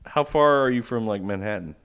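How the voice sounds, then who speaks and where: A man's voice: mid-range voice, brisk, a bit bright, smooth. A man co-hosting a podcast in casual chat, rambling and making crude jokes. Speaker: podcast co-host.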